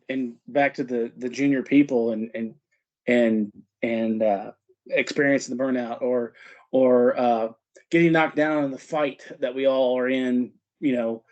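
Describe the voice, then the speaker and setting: Man hosting a podcast, halting. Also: mid-range voice, a little mellow, highs cut off. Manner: hesitant, repeats words while building a point. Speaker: podcast host. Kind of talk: casual interview chat.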